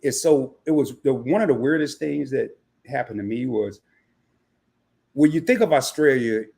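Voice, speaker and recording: A man's voice: mid-range voice, moderate pace, gravelly, darkish tone. A man hosting a casual livestream interview, teasing his guest and laughing often. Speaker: livestream host.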